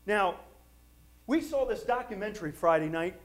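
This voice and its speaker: A middle-aged man preaching a sermon, telling stories with jokes and asides in an animated way. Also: sits high, moderate pace. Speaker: pastor.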